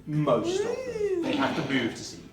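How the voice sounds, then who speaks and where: A man's voice: extremely high pitch, huge pitch swings, normal speed, far from the mic, over loud music. A man running a tabletop game as dungeon master, with dry, teasing rulings. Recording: echoey room.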